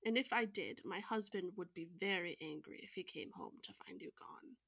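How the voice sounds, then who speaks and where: A woman voicing a kind, simple-natured old farmer's wife who speaks slowly and politely. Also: on the low side, gravelly, fairly bright tone, no room sound.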